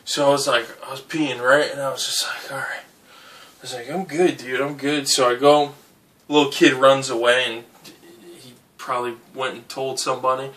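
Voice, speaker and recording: A young man telling a drunken story in casual, animated speech, swearing and asking "right?" again and again. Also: mid-range voice, moderate pace, distant mic. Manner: animated, swearing, says "right?" and "dude" often. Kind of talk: casual anecdote.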